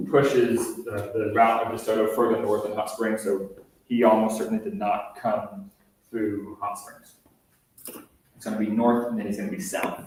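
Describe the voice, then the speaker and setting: A man explains things to a group as a park ranger and historian, talking loosely with frequent ums and uhs. He sounds far from the microphone, and the room around him is very echoey. His pitch sits in an ordinary middle range. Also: darkish tone. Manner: loose, conversational explaining with many fillers. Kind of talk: guided talk to visitors.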